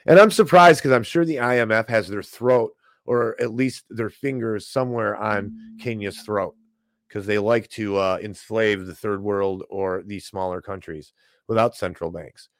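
A man's voice: fairly low pitch, unhurried, no echo, low-quality recording. A man hosting a livestream, ranting sarcastically about the news and mocking the people he disagrees with. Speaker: online show host. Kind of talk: livestream commentary.

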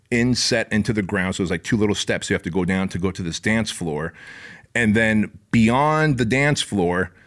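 A man's voice: on the low side, a bit bright. A man telling a personal story in a casual, rambling way, full of profanity and fillers.

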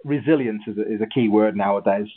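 A husky-voiced man telling his story in an interview, animated, with halting restarts. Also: on the low side. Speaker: guest, ultra runner. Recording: tinny phone-like line.

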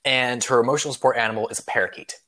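A man's voice: mid-range voice, steady tone, rapid-fire, sharp tone. A man with a mid-range voice hosting a casual podcast, winding through a long joke with plenty of filler words. His delivery is loose and rambling, peppered with swearing, as he chats with his co-host.

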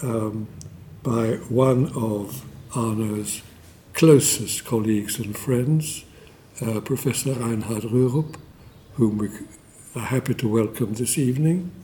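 A man giving a formal memorial lecture, measured and deliberate, with pauses and fillers and a dry scholarly wit. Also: mid-range voice, dark tone, a little hiss or hum.

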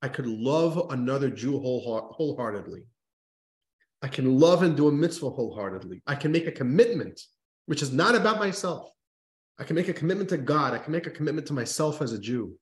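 A man's voice: medium pitch, expressive, a little fast. A man, a rabbi, teaching a religious text class, telling a story and stressing points with emphatic repeated restarts. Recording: roomy echo.

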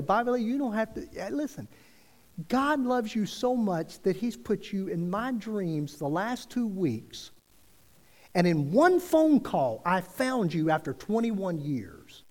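A man's voice: a little high, darkish tone, big-room sound. A man preaching, telling a personal story in a conversational way and acting out the dialogue with frequent restarts. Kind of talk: sermon storytelling.

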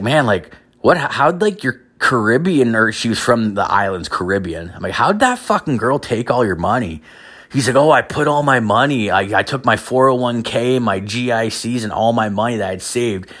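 A man's voice: fairly low pitch, a bit bright. A man hosting a podcast, telling rambling, profane comedic stories in a casual rant. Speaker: podcast host.

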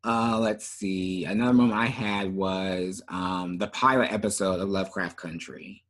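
Low-voiced guy chatting loosely on a podcast, lots of ums, kinda trails off. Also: moderate pace. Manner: relaxed, trailing off with fillers. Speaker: podcast co-host. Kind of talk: casual chat.

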